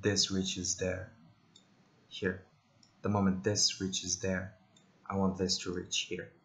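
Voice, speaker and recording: A man casually talking through a software tutorial, thinking aloud with many ums and side jokes. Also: sits low, completely flat delivery, slow pace, vocal fry. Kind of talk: casual screen-recorded tutorial.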